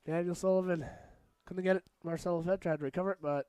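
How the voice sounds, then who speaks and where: Here a young commentator jokes his way through a school rugby match at a fairly quick clip. The recording is close and dry, capturing a smooth, clear, slightly high voice. He chats casually between plays and erupts into shouts at the big moments.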